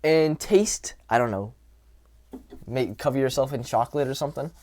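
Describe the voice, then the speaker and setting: A man's voice: medium pitch, normal speed, a little mellow. A young man giving casual dating and self-improvement advice, talking loosely with fillers and restarts. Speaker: dating and social skills coach. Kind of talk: casual advice talk to camera.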